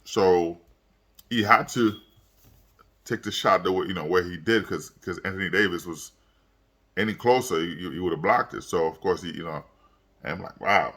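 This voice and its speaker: A young man with a low voice that still has a bright, forceful edge, talking through a late-night sports recap. He sounds worn out and keeps stumbling over fillers and repeats as he rambles. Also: moderate pace, long pauses. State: tired, yawning late at night. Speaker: sports vlogger. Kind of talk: casual sports commentary vlog.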